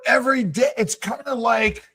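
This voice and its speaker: A man's voice: very high voice, normal speed, sharp tone, husky. A man hosting a casual talk, musing in a rambling, reflective way with many restarts. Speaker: host. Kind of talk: casual conversation.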